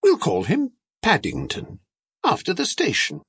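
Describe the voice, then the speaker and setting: A man voicing a kind, excitable middle-aged woman who fusses over a lost bear. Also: high voice, a little slow, husky, pitched above the performer's own voice, full character voice. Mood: fussing. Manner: fussing, exclamatory.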